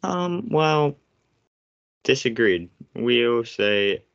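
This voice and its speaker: A man's voice: medium pitch, lively intonation, drawn-out words, creaky, fairly bright tone. A man co-hosting a podcast in casual chat, blunt and teasing. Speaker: podcast co-host. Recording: slightly muffled podcast audio.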